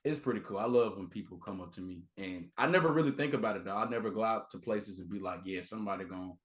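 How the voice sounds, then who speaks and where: Animated man telling stories in a roomy space. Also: fairly low pitch, fast. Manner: animated storyteller, acts out quotes. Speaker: guest content creator. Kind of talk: casual podcast chat. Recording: roomy echo.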